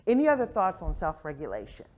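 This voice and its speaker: A woman presenting a professional development session to educators, lively, often checking in with "right?". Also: lowish voice, fast. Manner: animated, acts out quoted voices, frequent "right?" check-ins. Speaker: conference presenter on early childhood education. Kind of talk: interactive professional development talk. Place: conference session room.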